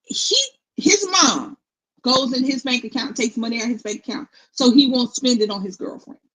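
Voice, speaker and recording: A middle-aged woman co-hosting casual commentary, blunt and opinionated in a steady, even tone. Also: on the high side, moderate pace, husky, rough recording. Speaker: co-host.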